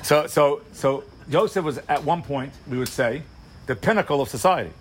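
Male Torah teacher, higher-than-average voice, rapid-fire animated storytelling for a live room, faint background hum. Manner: fast, animated storytelling with rhetorical questions and acted asides. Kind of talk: sermon-style Torah class.

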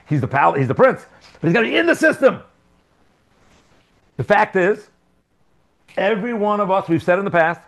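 Teaching a Torah class, this man's voice sits a little high. He's animated, posing rhetorical questions and repeating points for emphasis.

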